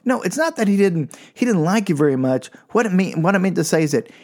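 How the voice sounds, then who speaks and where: A man's voice: sits high, very animated, fast, darkish tone, voice pushed up. Man putting on a blunt, indignant mother. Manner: matter-of-fact, indignant. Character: exasperated blunt mother, middle-aged woman.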